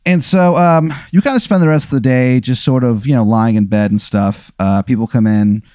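Male storyteller running a scenario, mellow, dry mic, rambling with fillers. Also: medium pitch, steady tone, normal speed, smooth, dry recording. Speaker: game master of a hypothetical. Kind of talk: improvised storytelling.

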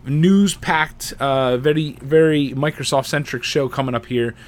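A man's voice: medium pitch, a little slow. A man hosting a casual gaming podcast, rambling and joking at his own slip-ups. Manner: rambling, self-mocking, loose. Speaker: podcast host.

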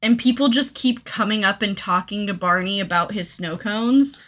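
A woman's voice: mid-range voice, moderate pace, a bit bright. A young woman co-hosting a podcast, chatting casually about a movie, adding details and saying "like" often. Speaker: podcast co-host. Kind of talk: casual chat, retelling a movie.

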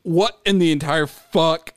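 A man's voice: fairly high pitch, a little slow, clear, resonant tone, no room sound, studio quality. A man co-hosting a podcast, reading out a news story with profane, incredulous banter. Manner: incredulous, profane, laughs at own jokes.

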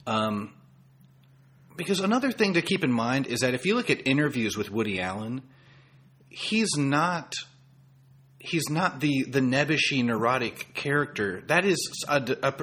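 A man with a husky, slightly breathy voice co-hosts a casual film podcast. He talks thoughtfully, restarts his sentences often, and reads critics' reviews aloud. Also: medium pitch, lively intonation, moderate pace, a bit bright. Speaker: podcast co-host.

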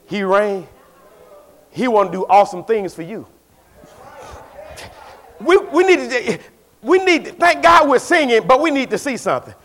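A pastor with a Southern US Black vernacular accent, preaching a folksy call-and-response sermon that builds to shouts. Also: male voice, very high voice, big pitch swings, normal speed, pauses often, a little hiss or hum.

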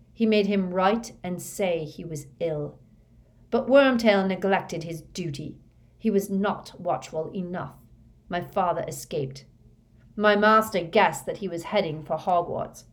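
A woman reading a fanatical young male dark wizard's confession in a flat, hushed monotone. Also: lowish voice, unhurried, natural voice. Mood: confessing.

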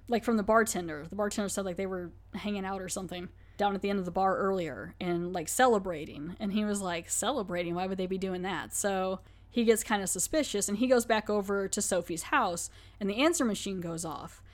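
Recapping and reviewing a TV episode on her podcast, a woman talks fairly quickly in a mid-range voice. She keeps it chatty and packed with fillers, acting out quotes along the way.

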